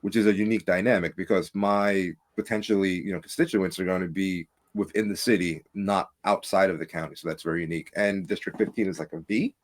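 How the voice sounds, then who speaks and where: A man's voice: quick pace, hardly any pauses. A man, a candidate for local office, talking casually and emphatically in a podcast interview. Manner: animated, emphatic, rising pitch when making points. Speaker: political candidate, guest.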